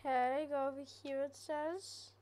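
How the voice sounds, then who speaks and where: A woman's voice: high voice, fairly even intonation, a little slow, darkish tone. A woman hosting a gaming channel, giving nervous, chatty let's-play commentary on a horror game and talking to her viewers.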